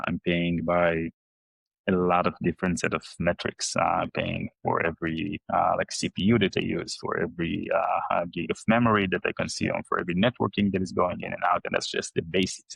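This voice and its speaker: A man from Israel, a startup CEO guest, explaining his work slowly with many fillers and pauses. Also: low voice, vocal fry, a bit bright, dry recording, poor audio. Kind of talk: conversational explanation.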